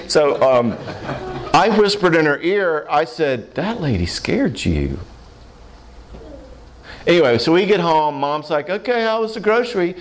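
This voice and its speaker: A middle-aged man answering audience questions in a casual seminar talk, telling stories and acting out the people in them. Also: medium pitch. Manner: animated storyteller who acts out the people he quotes.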